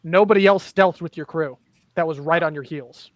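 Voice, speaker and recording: High-voiced man running a tabletop game. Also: moderate pace, dry recording. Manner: easygoing, matter-of-fact narration of game events. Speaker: game master.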